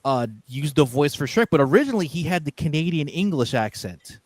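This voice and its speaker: A man's voice: on the high side, lively intonation, brisk, dry recording. A man chatting casually on a stream, telling long rambling stories with lots of fillers and restarts. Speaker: stream co-host. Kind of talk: casual chat.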